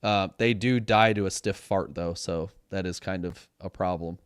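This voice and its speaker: A man's voice: low voice, fairly even intonation, moderate pace, clean tone, no room sound, studio quality. A man co-hosting a casual gaming chat show, rambling and sometimes losing his words mid-sentence. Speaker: podcast co-host. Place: home studio.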